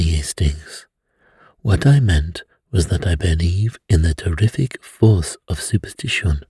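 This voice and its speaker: A man voicing a placid, precise middle-aged male detective in a bedtime story, speaking calmly and gravely. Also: low voice, no echo, heavily acted. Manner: calm, grave and measured.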